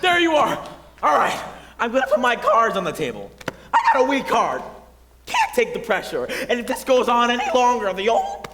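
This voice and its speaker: A brash, jittery old showman, as a teen actor plays him, with a bright, forceful voice and an exasperated, fast-talking manner. The sound is roomy, with a long hall tail and faint noise underneath. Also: mid-range voice, wildly swooping pitch. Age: teens. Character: nervous, brash older male producer. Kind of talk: high school stage musical. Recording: roomy stage sound in a reverberant auditorium.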